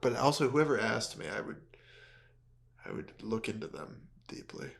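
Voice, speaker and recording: A man's voice: on the low side, very animated, moderate pace, creaky, breathy edge. A young man co-hosting a podcast, joking around and posing playful hypotheticals in casual chat. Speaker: podcast co-host.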